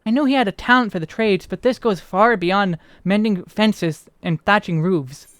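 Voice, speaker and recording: A man reading out a wondering, bookish game character with stiff, antique phrasing. The voice rides high and bright-edged, smooth and close to the mic with no room sound. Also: moderate pace, no room sound. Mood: curious. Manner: formal, old-fashioned speech. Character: curious, learned man puzzling over a device.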